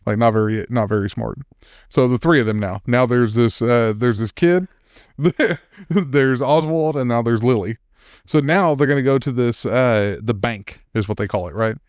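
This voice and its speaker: Here a male podcast co-host retells a comic story in a casual way, often breaking into laughter and loosely mimicking what the characters say. He speaks at a normal pace with a medium pitch and darkish tone, and the studio-quality recording is clean with no room sound.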